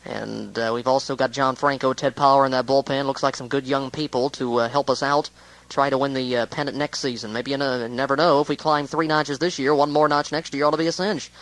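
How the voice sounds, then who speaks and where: A man's voice: mid-range voice, steady tone, brisk, a bit bright, no echo, rough recording. A man giving a casual, rambling spoken recap of a baseball game, with many hesitations.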